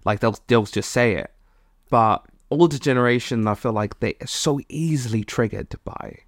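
A podcast co-host from Malawi chatting casually, rambling and quick to laugh. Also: mid-range voice, no room sound, clean studio sound. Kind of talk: casual chat.

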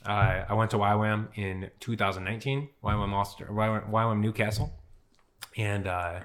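A man's voice: on the low side, steady tone, normal speed, fairly bright tone. A man in his twenties, a podcast guest, telling his faith testimony in a chatty way, with many "you know"s and "dude"s. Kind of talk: casual testimony storytelling.

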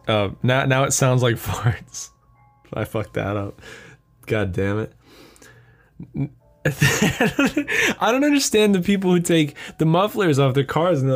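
A man's voice: medium pitch, animated, slow pace, faint music behind. A young man hosting a solo podcast, rambling in a profane, offhand way and laughing at his own jokes. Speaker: podcast host. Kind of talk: casual solo podcast monologue.

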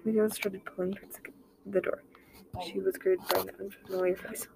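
A woman reading an original short story aloud, voicing the dialogue herself and dropping to a near-whisper in quiet moments. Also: mid-range voice, level tone, fairly quick, gravelly, background noise. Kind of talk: amateur story narration with dialogue.

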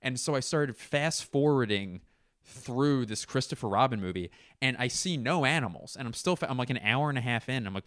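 A tired young man rambles through a comedic podcast monologue, swearing freely and poking fun at himself. His voice sits at a middling pitch and sounds dry and close, with no room around it. He often trails off into low mumbles. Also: animated, fairly quick, a bit bright, dry recording. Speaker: podcast host. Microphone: computer mic.

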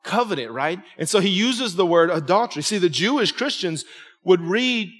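A man's voice: high voice, expressive, normal speed, a bit bright, long reverb tail. A man in his forties preaching a sermon to his congregation, emphatic and conversational, often checking in with "right?". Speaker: pastor. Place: church sanctuary with congregation.

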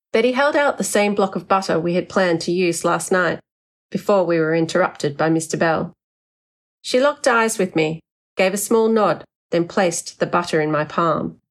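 Female audiobook narrator, first person, wry and expressive; lowish pitch. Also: moderate pace.

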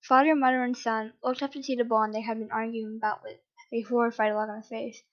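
A woman reading a story aloud at a steady pace, sometimes correcting herself. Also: a little high, fast, highs cut off. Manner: steady with occasional self-corrections. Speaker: reader. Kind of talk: reading fan fiction aloud.

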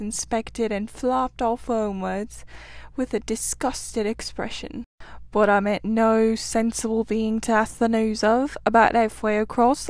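A woman voicing a cheerful, hearty male otter who tells his tale in a lively, outspoken way. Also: a little high, no echo, close to an everyday voice.

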